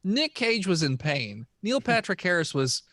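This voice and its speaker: A man with a fairly high, lively voice chats as a podcast guest, hesitant and full of "like" and "I don't know." The sound is dry and close to the mic. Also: normal speed, no room sound. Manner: lots of short agreeing backchannels, hesitant. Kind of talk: casual movie chat.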